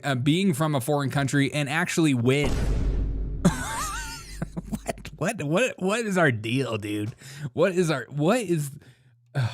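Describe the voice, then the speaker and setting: A man's voice: a little high, a little hiss or hum. Laughing mocking male show host. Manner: mocking, laughs often, calls people dude. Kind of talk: casual live commentary show.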